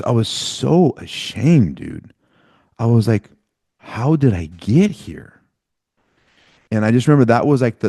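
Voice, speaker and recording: Blunt, dark-voiced podcast host. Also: male voice, fairly low pitch, no room sound, studio quality. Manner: blunt and profane, casual slang like dude and bro. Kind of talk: candid conversational storytelling.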